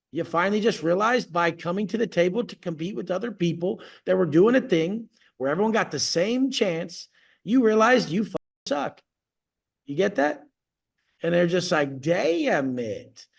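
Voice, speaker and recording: Man, coach, video call, gravelly voice, profane boastful rant. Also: sits high.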